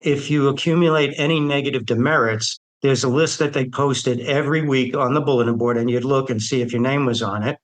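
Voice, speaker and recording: A man's voice: mid-range voice, steady tone, brisk, hardly any pauses, low-quality recording. An older man bluntly retelling his own life story, with streetwise, quoted dialogue. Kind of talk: personal storytelling.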